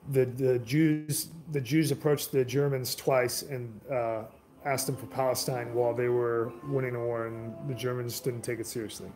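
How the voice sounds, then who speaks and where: A man's voice: medium pitch, flat delivery, a little slow, a little mellow. A man giving a casual, rambling history talk, loose and profane, full of filler words and restarts.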